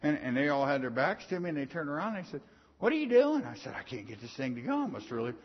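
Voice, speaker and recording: A middle-aged man preaching a sermon in a folksy storytelling way, swinging from soft asides to loud punchy lines. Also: medium pitch, animated, very fast, slightly rough. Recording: dull sound in a long-reverb hall.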